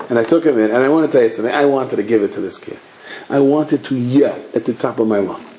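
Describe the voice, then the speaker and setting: A man, a rabbi, giving a sermon with animated storytelling and acted-out dialogue. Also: medium pitch, fast talker, a little hiss or hum. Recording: echoey room, faint ambience.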